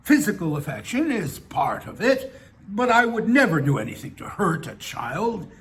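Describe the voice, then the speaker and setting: A man's voice: high voice, sing-song, moderate pace, a bit bright, full character voice. A man voicing a lonely seventy-six-year-old man who talks in a hesitant, self-justifying way. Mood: wheedling. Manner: hesitant, wheedling, protests too much.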